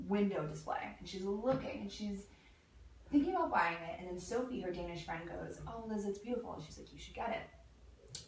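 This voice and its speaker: Animated woman in an echoey room. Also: fairly low pitch. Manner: animated storyteller, laughs often. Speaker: guest, lingerie designer. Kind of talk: casual chat. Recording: echoey room, mic at a distance, faint noise.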